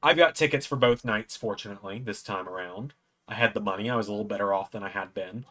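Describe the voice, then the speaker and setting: A lowish male voice, quick and fairly bright in tone, belongs to a watch-along host sitting in a room at home. He tells a long personal story in a loose, rambling style, acting out quoted lines in a raised voice.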